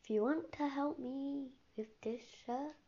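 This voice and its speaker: Her voice is high yet dark in tone, and she speaks a little slowly. She's a teenage girl running a relaxed solo podcast, meandering from topic to topic and frequently dropping to a whisper, captured on a dull lo-fi recording with faint hiss.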